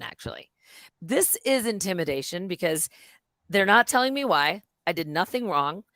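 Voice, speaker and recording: Animated, low-voiced woman telling a story. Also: no echo. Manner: animated storytelling, swearing, acting out quotes. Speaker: host. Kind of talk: casual live-stream chat.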